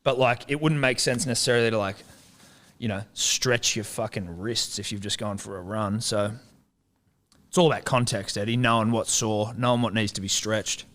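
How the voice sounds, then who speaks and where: A man's voice: fairly low pitch, fairly even intonation, moderate pace, fairly bright tone. A man, co-hosting a podcast in laid-back, swearing banter. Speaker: podcast co-host. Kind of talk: casual podcast chat.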